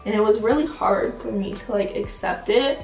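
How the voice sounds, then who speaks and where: A shy teenage girl co-hosting a casual sit-down chat, soft-spoken and hesitant, full of fillers. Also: a little high, normal speed. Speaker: channel co-host. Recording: roomy sound, mic at a distance, faint music.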